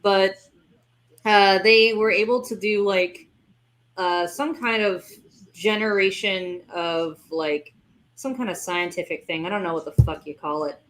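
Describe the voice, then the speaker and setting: Woman, casual stream chat, rambling, cusses, acts out voices, mid pitch. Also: unhurried, fairly bright tone. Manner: rambling, swears, acts out quotes with laughs. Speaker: webcomic co-creator streaming.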